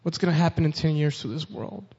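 Preaching a sermon, a man reads scripture aloud with rising force and addresses his listeners directly. His voice is a little high, fast, dark, and husky, and the recording sounds dull with long reverb.

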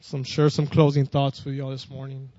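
This sermon comes from a man of medium pitch whose delivery is completely flat, brisk and mellow. The recording has no echo and lacks high frequencies. He reads verses in a rising voice, then speaks plainly, circling back over and restarting his phrases.

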